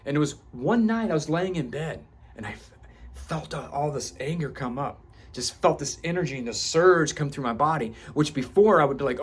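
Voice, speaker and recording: Here a self-help vlogger in his late thirties or beyond talks passionately about how he has grown, using a medium-pitched voice with a breathy quality. Swear words punctuate his motivational monologue, and he gets louder and higher as his fervor mounts.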